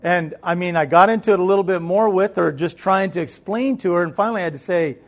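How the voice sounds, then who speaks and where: A man telling a personal story as a guest, animated and conversational, acting out the voices in it. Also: high voice, fast. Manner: conversational, with repeated fillers and restarts.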